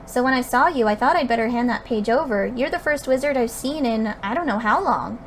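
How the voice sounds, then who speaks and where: Woman doing a sweet old ghost wizard guy, gentle and explainy, lively pitch. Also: fairly quick, a little hiss or hum. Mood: kindly.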